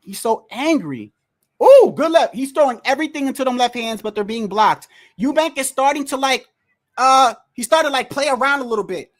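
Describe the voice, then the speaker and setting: Streamer reacting to a boxing match live, high voice, bursts of loud excitement, rambling slangy commentary. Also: normal speed. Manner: excitable, loud outbursts, frequent slang and cursing; rambling restarts and repeated words. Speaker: livestream host. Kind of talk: casual fight watch-along commentary. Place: indoors at home, wind and street heard outside.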